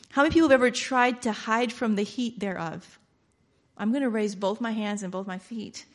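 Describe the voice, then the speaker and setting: Animated, laughing woman preaching a sermon. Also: a little high, normal speed. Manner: animated, laughing often, acting out quotes.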